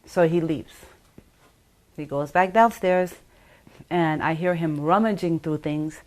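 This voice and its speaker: A woman's voice: low voice, slow pace, a little mellow. A middle-aged woman giving a personal account in an interview, rambling and full of fillers like "you know" and "like", acting out what people said. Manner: rambling, filler-heavy retelling with acted-out quotes. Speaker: interview guest.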